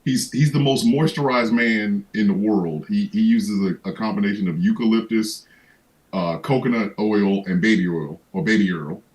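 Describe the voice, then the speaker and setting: A man's voice: lowish voice, moderate pace, darkish tone, poor audio. A man hosting a livestream, ranting in casual comedic chat with lots of profanity and stammered restarts. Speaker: livestream host.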